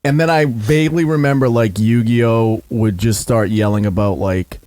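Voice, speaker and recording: A man's voice: mid-range voice, moderate pace, a little mellow, no echo. A young man co-hosting a podcast, joking crudely and sarcastically in casual chat. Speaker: podcast co-host.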